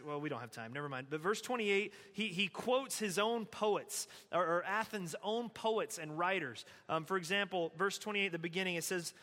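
A male pastor giving a conversational, animated sermon, reading and explaining scripture. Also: sits high, big-room sound.

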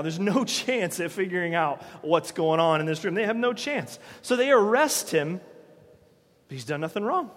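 A man preaching a sermon as pastor, animated and acting out quoted voices with bursts of loudness. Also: high-pitched, long reverb tail.

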